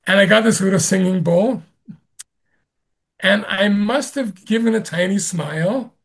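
A man, a Zen master, answering an interview question with slow, gentle storytelling and soft laughs. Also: high voice.

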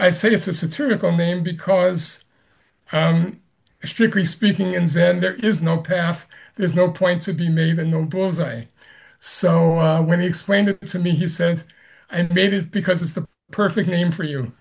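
A man with a gravelly, somewhat high voice answers interview questions as a Zen master. He speaks haltingly, with pauses, fillers and frequent throat clearing. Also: steady tone.

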